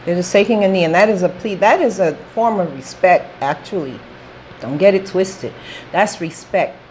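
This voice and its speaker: A woman's voice: on the low side, moderate pace, darkish tone, a little hiss or hum, low-quality recording. A woman talking straight to camera in a casual opinion vlog, emphatic and repetitive, checking in with "okay?". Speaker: vlogger.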